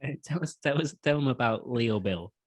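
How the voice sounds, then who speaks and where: This is a young man chatting loosely on a film review podcast. He rambles, swears freely and keeps restarting his sentences, in an even, mid-pitched voice. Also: normal speed. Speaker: podcast co-host. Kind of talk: casual film review banter.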